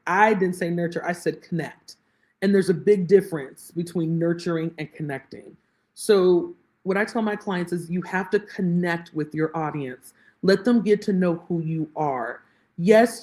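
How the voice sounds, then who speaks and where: Animated woman telling stories on a call. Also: on the low side. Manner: animated storyteller, acts out quoted exchanges. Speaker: guest, lead generation specialist. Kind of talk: conversational interview.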